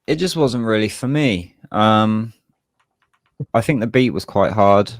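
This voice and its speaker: A man co-hosting a music review show, giving a hesitant, measured opinion of a track with many pauses. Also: fairly low pitch, lively intonation, no echo. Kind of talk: casual chat, reviewing a track.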